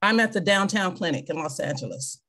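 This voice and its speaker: A woman's voice: on the low side, expressive, brisk, fairly bright tone. A woman in her fifties, a veteran and clinic worker, reading scripture and then talking earnestly about faith and service over a video call. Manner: earnest, faith-centered, speaks from personal experience.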